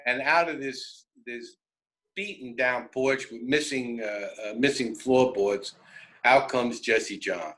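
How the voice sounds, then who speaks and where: A man telling a road story on a radio show, animated and self-interrupting, often laughing. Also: medium pitch, takes it slowly, low-quality recording. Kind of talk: casual storytelling.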